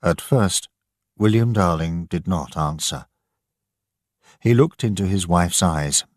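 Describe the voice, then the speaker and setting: A man narrating a story slowly and deliberately for English learners. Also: deep voice, no echo, studio quality. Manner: slow, clear, deliberate reading.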